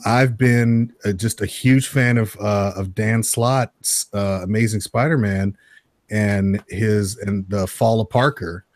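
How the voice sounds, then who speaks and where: A man in his thirties co-hosting a casual podcast, relaxed and rambling with enthusiasm. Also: fairly low pitch, dry recording, studio quality. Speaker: podcast co-host.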